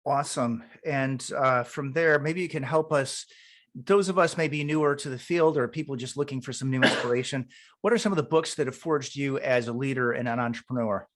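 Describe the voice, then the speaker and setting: A man's voice: mid-range voice, brisk, a bit bright. A man hosts an interview podcast, upbeat and encouraging with his guest. He has an ordinary mid-range male voice and often breaks into laughs between his questions. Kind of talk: casual interview.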